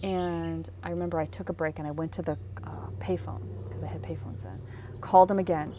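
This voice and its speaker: A woman teaching career advice in casual talk, telling stories with animated delivery and acting out the people she quotes. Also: low-pitched, fairly quick, slight background noise. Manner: animated storytelling, acts out quotes.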